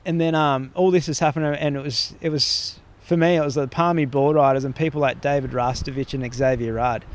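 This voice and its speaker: A man's voice: medium pitch, fairly even intonation, brisk. An Australian man talking as a podcast guest, rambling through stories and swearing freely in casual conversation.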